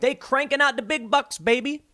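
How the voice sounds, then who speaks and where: A man's voice: very high-pitched, moderate pace, pushed and bright, pitched above the performer's own voice. Man playing a hyped-up slangy regular guy. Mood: incredulous. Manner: slangy, exclamatory.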